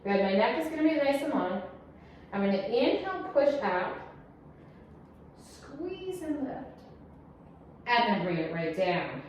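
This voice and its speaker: A woman's voice: medium pitch, sing-song, moderate pace. A woman leads a Pilates class, calling out inhales and exhales and counting reps. She keeps it chatty and encouraging, with small asides. Her voice rings in a very echoey room, picked up from a distance with faint noise behind. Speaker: Pilates instructor. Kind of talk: guided exercise class cueing.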